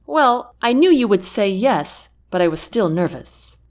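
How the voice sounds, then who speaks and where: A woman voicing a loving young man, soft and earnest, with a husky tone. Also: medium pitch, sing-song, unhurried. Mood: sheepish.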